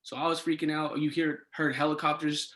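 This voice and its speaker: A young man, a podcast guest, tells a casual story with animated swings and excited turns of phrase. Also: a little high, fairly quick. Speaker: podcast guest, resident assistant.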